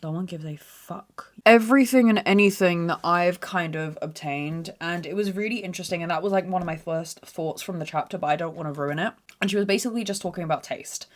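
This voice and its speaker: A woman's voice: fairly low pitch, brisk, few pauses. A young woman in her twenties hosting a podcast, telling stories in a blunt, sweary, dramatic way. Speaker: podcast host. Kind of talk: casual storytelling monologue.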